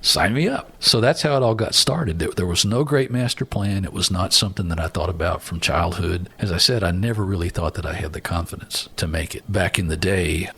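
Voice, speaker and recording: Gravelly older man. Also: deep voice, slight background noise. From Alabama, US. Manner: animated storyteller, acts out other voices. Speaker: guest, former Marine aviator. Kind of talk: storytelling interview.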